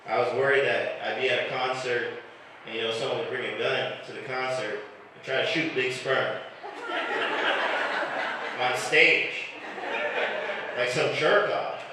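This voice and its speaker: A man doing a live stand-up set in a comedy club, crude and deadpan, chatting with the crowd. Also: mid-range voice, measured pace, pauses often. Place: comedy club stage, heard from afar. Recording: echoey room recorded from a distance. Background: audience noise.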